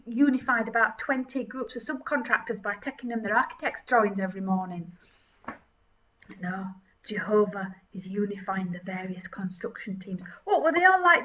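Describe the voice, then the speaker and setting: A woman's voice: fairly high pitch, fairly bright tone. A woman giving mocking, giggly comedic commentary with theatrical asides. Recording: distant mic, dull lo-fi sound.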